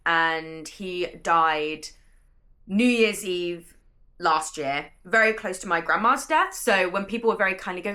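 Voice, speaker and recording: Chatty bright-voiced British woman. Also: lowish voice, expressive, moderate pace. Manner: chatty, enthusiastic, rambling. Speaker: vlogger, bookseller. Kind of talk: casual vlog narration. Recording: staticky audio.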